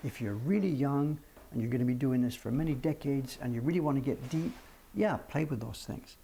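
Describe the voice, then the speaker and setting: This is an older man in his seventies, chatting plainly to viewers on a livestream. His voice is gravelly and mellow. He talks in a frank, self-deprecating way, and a faint room noise runs underneath. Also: medium pitch, a little fast. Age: 70s. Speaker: livestream host. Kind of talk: casual livestream chat answering viewers.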